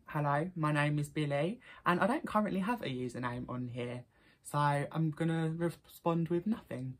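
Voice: medium pitch, expressive, normal speed. Chatty young Essex-accented vlogger. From Essex, England. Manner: chatty, reads quiz items aloud with local slang. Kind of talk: casual accent-tag vlog. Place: room in a shared house.

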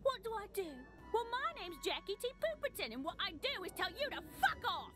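A woman's voice: very high voice, sing-song, a little fast, music in the background. A woman playing a rude, foul-mouthed, hostile local in a video game who snaps and swears.

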